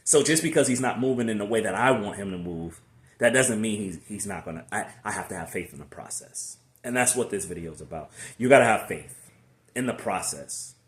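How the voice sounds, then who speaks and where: A man giving a casual, preachy motivational faith talk to his channel in a relaxed conversational way with slangy asides. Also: fairly low pitch, fairly quick. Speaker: faith vlogger. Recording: echoey room.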